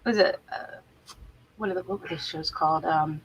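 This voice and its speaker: A woman being interviewed as an actor, chatty and pausing to search for words. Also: sits low, husky, no room sound, highs cut off. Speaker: actor guest. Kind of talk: casual interview.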